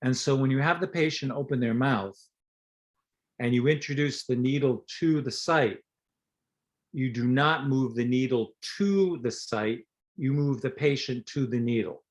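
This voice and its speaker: A man's voice: mid-range voice, measured pace. An older man, a dentist and lecturer, telling anecdotes and explaining technique in an interview, acting out the lines of people in his stories. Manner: anecdotal, teaching, acts out quoted dialogue. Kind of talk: storytelling interview talk.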